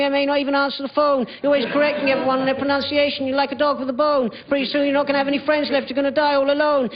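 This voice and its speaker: A man doing a stand-up comedy routine on stage, telling stories in a dry, deadpan way. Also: extremely high pitch. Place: comedy stage before a live audience. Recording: dull live stage recording.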